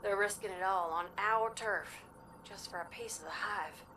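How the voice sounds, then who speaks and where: A woman's voice: mid-range voice, normal speed, pushed and bright, a little hiss or hum, close to an everyday voice. An actress voicing a folksy female pilot with a sweet Southern US drawl, easygoing and frank, in a video game. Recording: game audio with music, heard from a distance.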